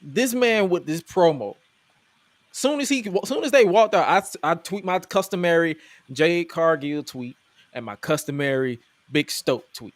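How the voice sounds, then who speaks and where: A man's voice: on the high side, animated, measured pace, dry recording. A man hosting a podcast, recapping wrestling in a casual, joking, incredulous way. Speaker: podcast host.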